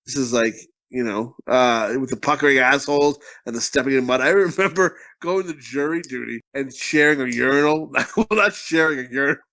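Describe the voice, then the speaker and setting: A man's voice: mid-range voice, a little fast, few pauses, bright, forceful tone. A man co-hosting a podcast, rambling through crude stories with lots of fillers and profanity. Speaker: podcast co-host. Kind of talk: casual crude comedy chat.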